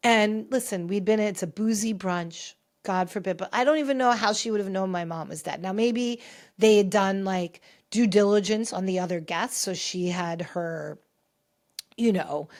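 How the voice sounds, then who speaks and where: A woman hosting a pop culture podcast, telling a personal story in a chatty, animated way with many restarts. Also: medium pitch, moderate pace. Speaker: podcast host. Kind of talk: casual chat.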